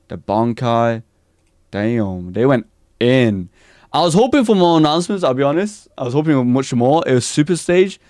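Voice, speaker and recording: Excited man reacting live on stream. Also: mid-range voice, no room sound, studio quality. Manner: excited casual chat, reads chat aloud. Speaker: streamer reacting to anime news.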